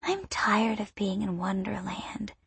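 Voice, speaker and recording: A woman voicing a sleepy, innocent five-year-old girl with a soft, mumbling voice. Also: fairly high pitch, animated, slow pace, husky, no room sound, pitched above the performer's own voice, full character voice.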